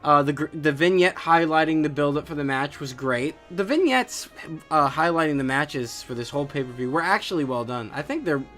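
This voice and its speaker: A man runs a solo podcast, talking casually in a scornful, cursing rant that is full of filler sounds. His voice sits a little higher than most men's, and faint music plays quietly behind him. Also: animated, a little fast. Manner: profane, scornful ranting with frequent fillers. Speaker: wrestling podcast host.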